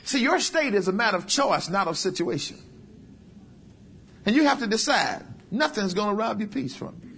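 Folksy preaching man, somewhat high voice. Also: very animated, moderate pace, creaky, a bit bright, breathy edge. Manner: humorous, folksy preaching with acted asides. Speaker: pastor. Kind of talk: sermon.

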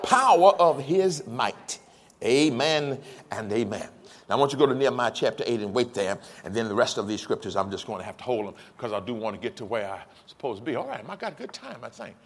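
A man's voice: medium pitch, animated, fast talker, a little hiss or hum. A man in his sixties, a pastor preaching a sermon with emphatic repetition and chuckling asides to the congregation. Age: 60s. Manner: emphatic preaching with repeated call-and-response.

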